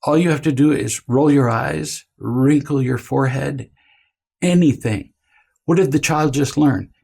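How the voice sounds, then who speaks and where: Gravelly man teaching parents. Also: medium pitch, darkish tone. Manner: deliberate, emphatic, puts on whiny child voices in quotes. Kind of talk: lecture to parents.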